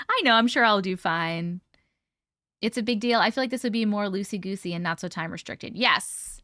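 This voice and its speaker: A woman's voice: mid-range voice, normal speed, pauses often, sharp tone, dry recording, studio quality. A young woman hosting a casual livestream, greeting viewers by name and chatting, short on sleep. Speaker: livestream host. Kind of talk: casual live-stream chat.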